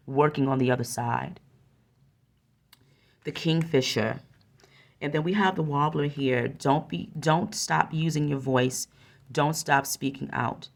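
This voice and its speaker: An adult woman with a young son gives an oracle card reading into a close mic in a notably deep, low voice with vocal fry. She's earnest and encouraging and often circles back to repeat her phrases.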